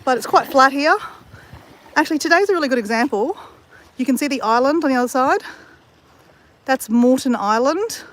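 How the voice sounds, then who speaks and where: A woman's voice: high-pitched, animated, brisk, long pauses. An Australian woman chatting casually to viewers while walking on a beach, rambling and answering viewer comments. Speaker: vlogger. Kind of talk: casual walking live stream chat. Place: beach, outdoors.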